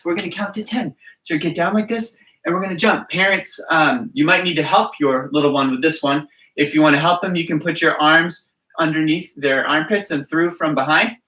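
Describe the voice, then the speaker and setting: Leading a children's movement class, a gymnastics coach counts aloud and cheers on small kids and their parents in a mid-range, slightly bright voice. The sound is roomy, picked up from far from the mic.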